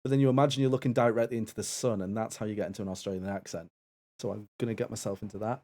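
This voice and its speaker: A man's voice: on the low side, fairly even intonation, very fast, a little mellow. A man co-hosting a charity live stream in casual banter, easygoing and often restarting his words. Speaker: co-host and assistant of a stream event.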